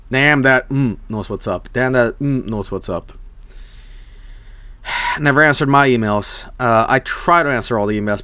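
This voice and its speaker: A man's voice: medium pitch, a bit bright, no echo. A young man streaming, chatting casually and reading viewer messages, rambling and swearing, often breaking into laughs.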